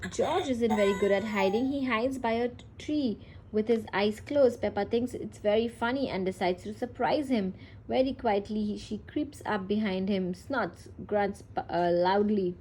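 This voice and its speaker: A woman's voice: mid-range voice, normal speed, a little mellow, slight background noise. A woman reading a children's picture book aloud at home, talking casually between pages with fillers and small slips. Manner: reads plainly with fillers and self-corrections, little character voicing. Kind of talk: casual read-aloud with commentary.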